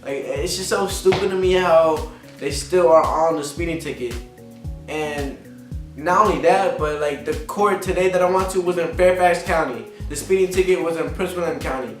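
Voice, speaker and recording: A vlogger with a fairly high-pitched male voice speaks at a moderate pace. His casual rant is full of frustration and profanity, and he goes over the same ground again and again. Faint music, a distant mic, and an echoey room shape the sound.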